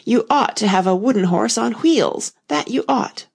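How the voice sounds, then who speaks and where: Curious polite young girl for a storybook reading, voice lifted, read by a woman with a gravelly tone. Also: animated, moderate pace, exaggerated voice. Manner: polite, lightly pitched up. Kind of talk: audiobook character reading.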